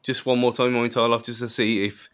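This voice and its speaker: A man in casual podcast chat, easygoing and quick to laugh. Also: mid-range voice, level tone, fairly bright tone, smooth.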